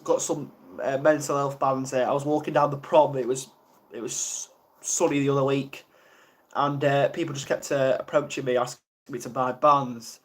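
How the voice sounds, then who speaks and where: A man's voice: mid-range voice, flat delivery, normal speed. A young man from the UK chatting casually on a live stream, flustered and rambling, mocking himself as he goes. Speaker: ASMR livestreamer.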